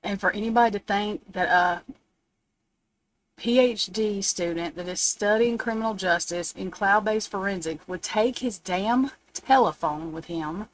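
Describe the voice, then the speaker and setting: Still upset after crying, a woman delivers an unscripted live-stream rant, blunt, indignant, and full of swearing. She speaks at a moderate pace with a medium pitch, picked up off camera by a phone or webcam in a rough recording with slight background noise.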